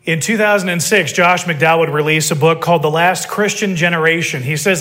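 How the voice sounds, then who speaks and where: Man, sermon, emphatic, rhetorical questions, bright tone. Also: fairly high pitch, brisk, few pauses. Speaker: preacher.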